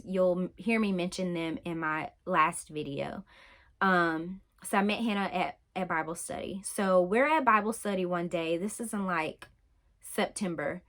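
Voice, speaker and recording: A woman's voice: fairly low pitch, a bit bright. Candid young woman vlogger. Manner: candid, conversational, lots of fillers. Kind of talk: personal testimony vlog.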